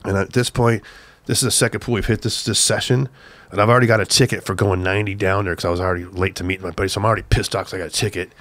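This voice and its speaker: An older man from Southern California, a guest telling an excited, profane story, acting out the shouts of the people in it. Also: sits low, racing, no echo. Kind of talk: animated storytelling on a podcast.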